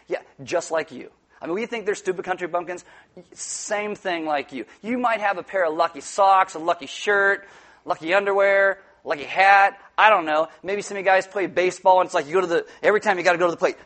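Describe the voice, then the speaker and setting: Male pastor, higher voice, lively sermon with jokes and acted quotes. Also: brisk. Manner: animated, joking, acts out quotes.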